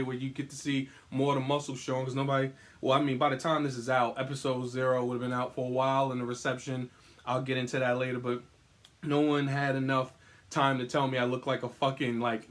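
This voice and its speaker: Young male podcast host, profane and rambling, still recovering from being sick, mid-pitched voice, recorded in a room at home. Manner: profane, animated and rambling, breaks into singing. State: recovering from illness. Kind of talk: casual solo podcast monologue.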